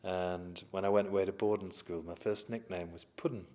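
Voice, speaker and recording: A man's voice: deep voice, steady tone, normal speed, dark tone. A middle-aged man, telling chatty, self-mocking stories in an oral history interview.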